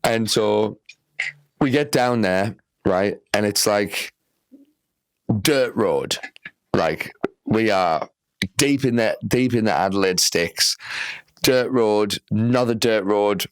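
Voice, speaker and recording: A man's voice: on the low side, takes it slowly, pauses often, smooth, no echo, poor audio. A young man, telling a rambling comedy story full of fillers and swearing on a podcast. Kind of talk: casual storytelling.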